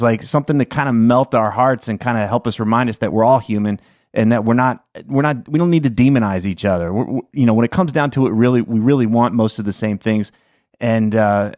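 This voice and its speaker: A man's voice: mid-range voice, fast, darkish tone, no echo, studio quality. A man hosting a podcast interview, enthusiastic and openly emotional in casual conversation. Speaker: podcast host.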